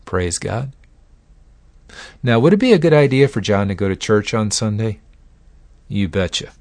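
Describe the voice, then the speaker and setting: Speaking a little fast in a lowish, slightly mellow voice, a man lectures animatedly and casually about addiction and psychology. He uses a folksy style and acts out examples, and the audio has no echo.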